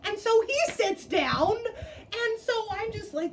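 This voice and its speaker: Woman storyteller, high voice, animated, lively swings in pitch and loudness. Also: takes it slowly, a little hiss or hum, poor audio. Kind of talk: personal story told at a story slam.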